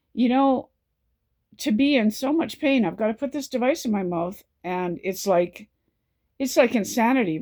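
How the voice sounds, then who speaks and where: A woman talking to camera in a personal vlog, exhausted from no sleep, close to tears, with halting, repetitive speech. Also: medium pitch, darkish tone.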